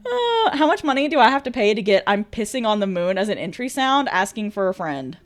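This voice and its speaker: A woman's voice: on the high side, sing-song, normal speed. A woman streamer chatting casually with viewers, bubbly, laughing often and swearing freely. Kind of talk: casual chat reading viewer messages.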